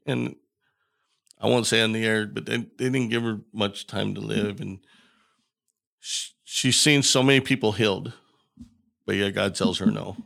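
A man's voice: fairly low pitch, fairly even intonation, a little slow, vocal fry, long pauses, a bit bright. A man who is a podcast guest, telling a story in a casual way and acting out the dialogue he quotes.

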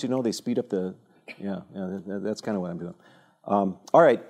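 Older male speaker, mellow voice, animated and digressive, telling anecdotes to younger listeners. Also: lowish voice, brisk. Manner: animated, rambling storyteller with many fillers and restarts. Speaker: speaker addressing a younger audience. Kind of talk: informal talk with anecdotes.

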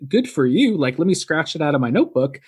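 A man's voice: fairly high pitch, sing-song, fast, a little mellow, breathy edge. A young man co-hosting a casual movie review podcast, chatty and full of fillers. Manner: chatty, filler-heavy, lots of "like" and "you know". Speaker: podcast co-host.

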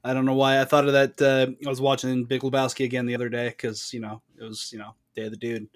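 A man's voice: mid-range voice, monotone, fast. Podcast co-host, man, mid voice, easygoing storyteller, casual chat.

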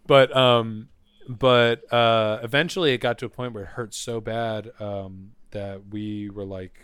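A man telling a crude, animated story in casual chat, swearing a lot. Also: lowish voice, measured pace, smooth, no room sound.

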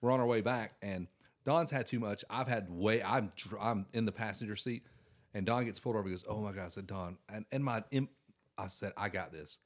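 A man's voice: fairly low pitch, brisk. A man, telling stories in a casual chat and acting out the quotes. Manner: storytelling, acts out quotes.

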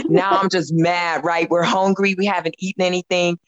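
As a podcast guest, a woman in her fifties tells a story in casual chat, animated, quick to laugh and acting out her own lines. Her voice sits slightly low for a woman, and the recording is close, dry and dull with no room sound.

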